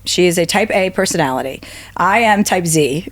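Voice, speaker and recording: A woman's voice: animated, moderate pace, dry recording. A woman in her fifties, a podcast guest, telling long travel stories with swearing and acted-out quotes. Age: 50s. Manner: profane, acts out quotes with big pitch jumps. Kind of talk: animated storytelling.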